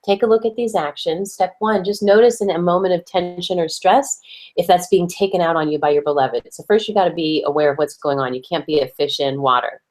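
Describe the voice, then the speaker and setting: A woman with a fairly low voice co-hosts a relationship advice chat. She talks in a playful, expressive way and acts out the lines she quotes. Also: a little fast. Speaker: podcast co-host.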